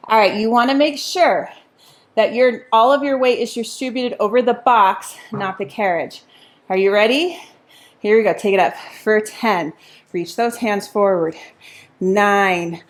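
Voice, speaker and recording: This medium-pitched Pilates teacher works out alongside her class, calling out rep counts and cheering everyone on, her breath giving out at moments.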